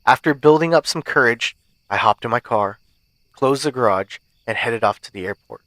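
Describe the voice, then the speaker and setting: A man hosting a podcast, reading a first-person horror story aloud in a measured, suspenseful way. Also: medium pitch, expressive, a bit bright, no echo. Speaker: podcast host and narrator.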